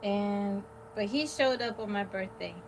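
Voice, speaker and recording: A livestream host with a mid-range voice tells a personal story at a measured pace. She's candid and rambling, quoting both herself and others, over a noisy background.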